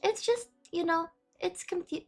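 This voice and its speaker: High-voiced woman chatting with viewers. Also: normal speed, faint music behind. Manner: chatty, reads chat aloud, easily distracted. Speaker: livestreamer. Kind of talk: casual chat with viewers. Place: warm room indoors with big windows.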